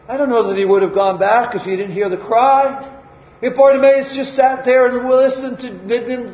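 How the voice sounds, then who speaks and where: Man, preacher, sermon, dramatic prayers, dull lo-fi recording, echoey room. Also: very high-pitched. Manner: dramatic, acts out cries and prayers. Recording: echoey hall, dull lo-fi sound.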